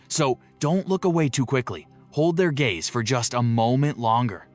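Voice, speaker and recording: A man giving a scripted narration in a slow, emotive delivery with dramatic pauses. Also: medium pitch. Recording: soft music beneath the voice.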